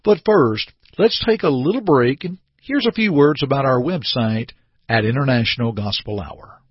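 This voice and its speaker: A man's voice: medium pitch, normal speed, husky, no room sound, highs cut off. A man preaching an earnest radio sermon, acting out short everyday scenes to make his point. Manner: earnest, animated preaching with acted-out little scenes.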